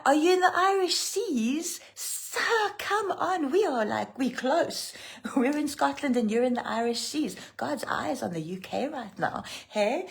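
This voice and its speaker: A loud, chatty middle-aged woman with a South African accent, hosting a rambling livestream devotional, laughing often and answering viewer comments. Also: medium pitch, gravelly. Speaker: pastor and prophetic minister. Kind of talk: casual livestream devotional chat.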